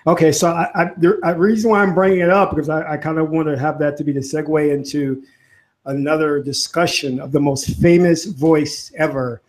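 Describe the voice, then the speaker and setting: A man's voice: fairly high pitch, fairly even intonation, fairly quick. Man interviewer asking probing questions. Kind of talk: casual interview talk.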